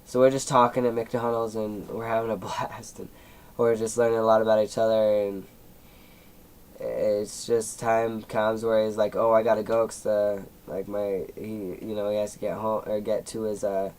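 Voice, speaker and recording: A seventeen-year-old young man recounts a personal story in a rambling, filler-heavy vlog, with some emotional moments. As a YouTuber, he speaks in a lowish, darkish voice with flat delivery at a moderate pace. The recording quality is low.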